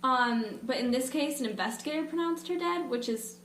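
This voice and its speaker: A woman's voice: sits high, expressive, a little fast, a bit bright, a little hiss or hum. A young woman co-hosting a podcast, walking through a true-crime case with wry, skeptical asides. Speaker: podcast co-host. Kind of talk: casual true-crime chat. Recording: echoey room.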